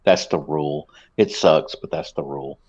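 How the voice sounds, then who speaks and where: A man's voice: very deep voice, normal speed, a little mellow. A man co-hosting a sports podcast in casual chat, laid-back and hesitant with many fillers. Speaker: podcast co-host. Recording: slightly dull, muffled sound.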